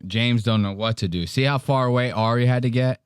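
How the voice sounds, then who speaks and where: A man hosts a podcast, riffing crudely on comedy clips and laughing often. His voice sits at an ordinary middle pitch, recorded dry and close on a podcast mic. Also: a little fast, clear, resonant tone, no echo. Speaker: podcast host. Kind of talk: casual comedy commentary on clips.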